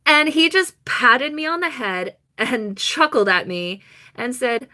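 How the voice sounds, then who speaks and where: A young woman chatting on a live stream, telling a rambling personal story with quick laughs and mock quotes. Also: high voice, pushed and bright.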